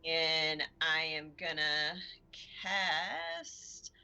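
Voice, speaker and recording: Gravelly, bright-voiced woman gamer. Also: deep voice, sing-song, extremely slow, lo-fi sound. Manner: hesitant, full of fillers and self-mocking laughs. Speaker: player. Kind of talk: playing a tabletop game.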